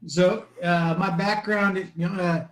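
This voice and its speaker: Male interview guest, plain manner, slightly high voice. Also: fairly even intonation, a little slow, a bit bright, poor audio. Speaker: podcast guest, business consultant. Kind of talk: conversational interview answer.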